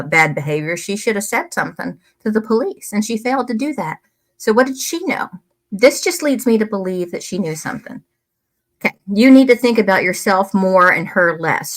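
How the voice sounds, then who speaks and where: A true crime commentator reads emails to viewers at a close desk microphone, giving casual, blunt commentary while swearing and getting heated. Her voice is fairly low in pitch with a fairly bright tone.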